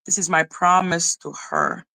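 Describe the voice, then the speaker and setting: A woman's voice: on the low side, sing-song, measured pace, bright, forceful tone, no echo. A woman ranting on a livestream, heated and profane, who often repeats herself. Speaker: live streamer. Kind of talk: angry livestream rant.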